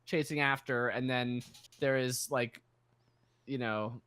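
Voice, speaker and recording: A man's voice: mid-range voice, steady tone, slow, fairly bright tone, clean tone. A man co-hosting a game podcast in casual chat, rambling and filling gaps with "like" and "you know". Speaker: podcast co-host.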